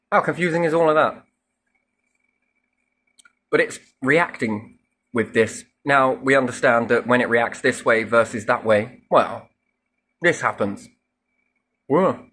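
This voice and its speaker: A man's voice: medium pitch, fairly bright tone, slight background noise. A man rambling through a spiritual monologue, musing and asking himself questions, with casual swearing. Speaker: speaker musing on faith.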